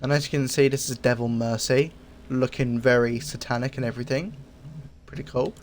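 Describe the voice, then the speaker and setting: A man with a voice of ordinary, middle pitch talks casually through a review of game cosmetics. He is laid back and rambling, trailing off and filling gaps with ums and uhs as he thinks aloud. Faint background noise sits under his voice. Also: steady tone. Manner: easygoing and rambling, often pausing with fillers. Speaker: gaming video creator.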